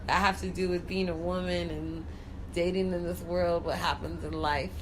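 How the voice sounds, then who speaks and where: A woman's voice: lowish voice, little pitch movement, normal speed, background noise. A woman hosting a talk show, a bubbly, chatty storyteller who speaks frankly and swears freely. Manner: frank and profane. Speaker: host. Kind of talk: casual chat.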